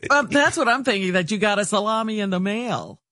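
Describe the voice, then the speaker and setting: A woman's voice: medium pitch, lively intonation, a little fast, a bit bright, dry recording, studio quality. A woman co-hosting a radio show, making wry remarks and laughing along in casual chat. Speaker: radio co-host.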